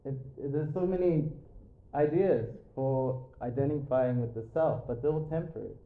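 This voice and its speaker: A man's voice: mid-range voice, normal speed. A man giving a jokey, chatty spiritual talk to an audience in a yoga studio, full of fillers. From Australia. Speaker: spiritual speaker. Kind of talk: lecture with audience banter. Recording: echoey room, tinny phone-like sound.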